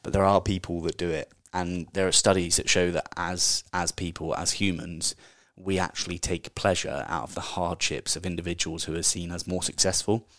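Very deep-voiced man, chatty. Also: little pitch movement, moderate pace, few pauses, a bit bright, no room sound, clean studio sound. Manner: chatty, candid, swears casually. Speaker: podcast host. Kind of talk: casual solo podcast book review.

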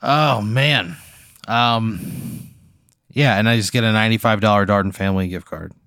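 A man's voice: on the low side, moderate pace, vocal fry, a bit bright, no echo. A man plays along with an improvised comedy scenario, grumpy and suspicious at every turn. His exasperation shows through in his voice. The recording is dry and close. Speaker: podcast co-host.

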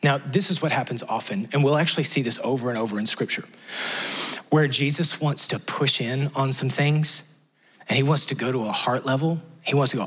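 A man's voice: medium pitch, quick pace, fairly bright tone, slightly rough. A man preaching a sermon, retelling a Bible story in a conversational way and dropping to a whisper for emphasis. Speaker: pastor.

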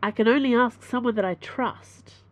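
A woman's voice: a little high, normal speed, pitched above the performer's own voice, close to an everyday voice. A woman voicing an anxious, loyal man who pleads urgently with his wife.

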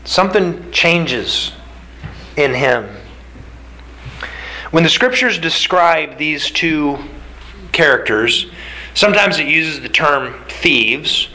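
A man's voice: a little high, bright, forceful tone, low-quality recording. A man preaching a sermon, telling the story emphatically with repeated phrases. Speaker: pastor.

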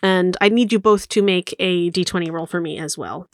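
A woman's voice: fairly low pitch, normal speed, dry recording. A woman narrating a tabletop game as game master, rambling with many fillers.

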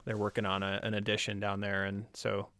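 A man chatting as a podcast guest, telling stories with animated quoted voices. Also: a little fast, no room sound. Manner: animated storyteller, acts out quotes in a high voice. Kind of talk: casual conversation.

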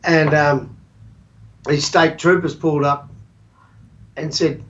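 Australian male musician guest, high-ish voice, muffled sound, swears a lot. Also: slow pace, long pauses. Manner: animated anecdote teller, swears freely. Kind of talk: casual podcast chat.

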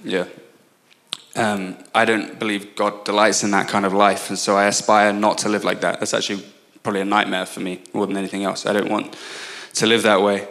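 Young man, English accent, guest preacher, earnest, self-interrupting, lowish voice. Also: a bit bright. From England. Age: 20s. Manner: earnest, quick asides and self-interrupting restarts. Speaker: guest speaker. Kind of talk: sermon.

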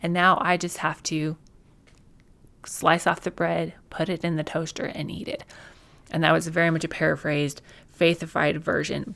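A woman's voice: on the low side, creaky, a bit bright. A woman hosting a faith podcast, talking in a chatty, encouraging way with many fillers and restarts. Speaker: podcast host. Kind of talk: faith-based podcast talk.

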